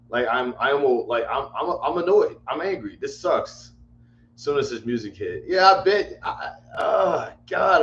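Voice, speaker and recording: A man hosting a casual livestream chat, rambling and repeating himself in exasperation. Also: mid-range voice. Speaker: livestream host. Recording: echoey room, dull lo-fi mic, faint hum.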